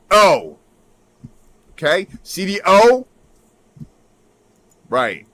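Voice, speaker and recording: A man in a rambling livestream monologue, swinging his pitch up and down as he talks. His voice sits a little high for a man. He keeps punching lines with "right?" and sometimes drops to a mutter, with keyboard typing behind him. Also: very animated, very slow, pauses often, fairly bright tone. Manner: repeats "right?" constantly, emphatic, drifts into mutters. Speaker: livestream host.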